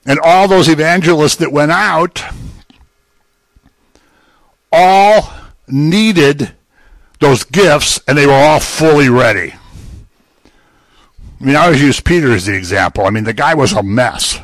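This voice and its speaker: A man's voice: fairly high pitch, animated, takes it slowly, long pauses, no echo. An older man preaching a sermon in a conversational way, with joking asides.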